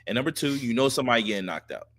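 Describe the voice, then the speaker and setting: A man's voice: medium pitch, very animated, racing, fairly bright tone. A man co-hosting a podcast, chatting casually about sports in a blunt, profane way and repeating himself for emphasis. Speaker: podcast co-host.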